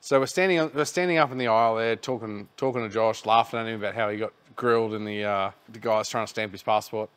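Australian man, podcast host, casual storyteller, profane and relaxed. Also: on the low side, quick pace, few pauses, clear, resonant tone. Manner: rambling, laid-back, swears freely.

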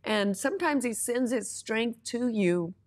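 A woman's voice: fairly high pitch, expressive, unhurried. A woman minister preaching in a conversational way, telling testimony stories and weaving in scripture with earnest conviction.

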